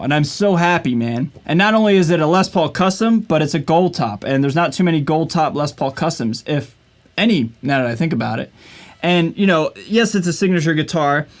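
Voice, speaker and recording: An upbeat, chatty man talks to his camera from his usual spot at home, his voice sitting a little high for a man. His speech is loose and casual and full of "man" and "like". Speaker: vlogger and guitarist. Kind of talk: casual vlog talk to camera.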